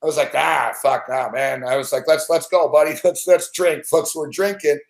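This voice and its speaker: A man's voice: on the high side, fairly even intonation, normal speed, gravelly. A middle-aged man telling a long anecdote in casual chat, rambling and swearing constantly. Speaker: sports betting show regular. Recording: roomy echo.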